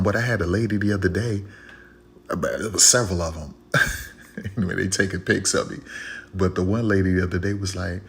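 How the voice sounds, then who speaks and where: A man's voice: low voice, fairly even intonation, normal speed, a little hiss or hum. A man talking in a casual, preachy monologue, repeating phrases and firing rhetorical questions. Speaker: online commentator.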